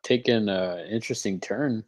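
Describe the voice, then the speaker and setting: Hesitant low-voiced man. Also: moderate pace, a little mellow. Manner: hesitant, many fillers and restarts. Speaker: guest. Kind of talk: casual live film commentary.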